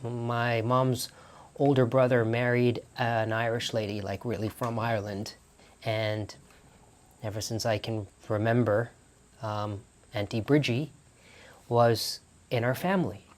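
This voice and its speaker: A man's voice: medium pitch, fairly even intonation, unhurried. A man vlogging in a small barn studio, telling stories casually with lots of restarts and self-corrections. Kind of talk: casual storytelling to camera.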